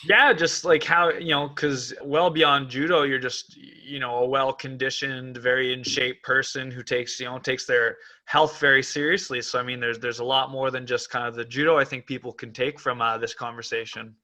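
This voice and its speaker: A man hosting a podcast, talking in a relaxed way with short supportive remarks and brief laughs. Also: mid-range voice, normal speed, few pauses. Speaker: podcast host. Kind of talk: casual podcast chat.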